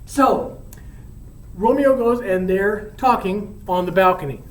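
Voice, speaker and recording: A man casually retelling a classic play in a chatty, slangy, animated way. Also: sits high, slow, roomy sound, far from the mic, rough recording. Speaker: storyteller.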